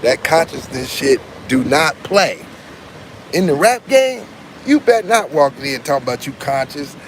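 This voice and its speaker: A man's voice: on the high side, sing-song, a little slow, slight background noise. A man hosting his own channel, delivering a boastful, profane live-stream rant from inside a building with parked cars. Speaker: channel host.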